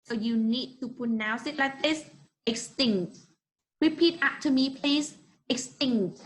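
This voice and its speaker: A young woman with a Vietnamese accent teaching an English class online, encouraging and slowly modeling words for students to repeat. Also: high voice, rough recording.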